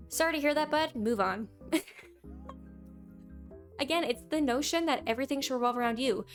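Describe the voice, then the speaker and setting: A young woman giving her opinions in a casual commentary vlog, opinionated and quick to mock what commenters say. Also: high-pitched, soft background music. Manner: opinionated, reads out viewer comments in mocking voices. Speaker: gaming YouTuber.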